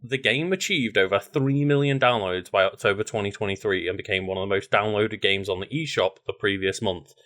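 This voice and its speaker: Low-voiced man rambling casually. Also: a little fast, few pauses. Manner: relaxed, rambling, many fillers. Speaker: podcast co-host. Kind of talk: casual chat.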